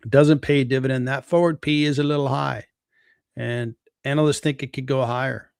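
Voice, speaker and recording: A man's voice: medium pitch, normal speed, vocal fry, clean tone, no echo, studio quality. A man hosting a live stream, walking casually through a company's stock valuation and thinking aloud as he goes. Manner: relaxed, thinking aloud with fillers. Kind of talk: casual stock analysis talk.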